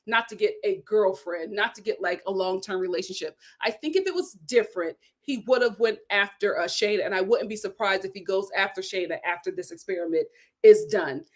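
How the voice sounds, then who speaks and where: A woman's voice: mid-range voice, fairly quick. A woman hosting a vlog, giving blunt, sassy commentary while recapping a reality show. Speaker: vlog host.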